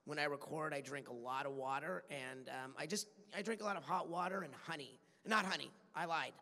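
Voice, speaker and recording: A man with a fairly high, bright, forceful voice chats playfully and laughs a lot while answering fans. The sound carries a long, echoey hall reverb from a large convention room. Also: brisk, vocal fry. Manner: chatty and playful, laughs often. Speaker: voice actor on a convention panel. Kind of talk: casual panel answers.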